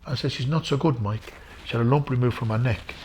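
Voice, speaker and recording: A man's voice: mid-range voice, fast talker, darkish tone, slight background noise. A middle-aged Irish man, a former boxer, telling emotional stories in an interview, earnest and repeating himself for emphasis. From Ireland. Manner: earnest, repetitive, addresses the host by name. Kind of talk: emotional storytelling.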